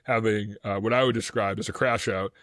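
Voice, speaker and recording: A man co-hosting a casual history podcast, talking in an animated, rambling way with lots of fillers. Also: lowish voice, fairly quick, no echo, studio quality. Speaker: podcast co-host.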